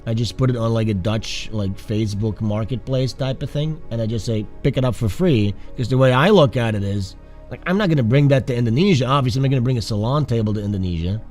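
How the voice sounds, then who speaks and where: Quick-paced, with a mid-range and slightly mellow voice made nasal by the flu, a man hosts a casual art livestream. Rambling and profane, he keeps interrupting himself while faint music plays.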